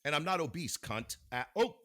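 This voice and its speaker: A man's voice: a little high, lively intonation, moderate pace, crowd noise. A man co-hosting a podcast, telling a story in casual chat, swearing often. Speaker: podcast co-host.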